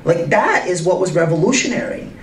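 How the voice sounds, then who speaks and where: A man speaking to a live audience in an arts center, emphatic and full of rhetorical questions, his pitch swinging widely. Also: lively intonation, fairly quick. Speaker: guest speaker in a public conversation. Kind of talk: animated talk to a live audience. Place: arts center event space. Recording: roomy and distant with faint noise.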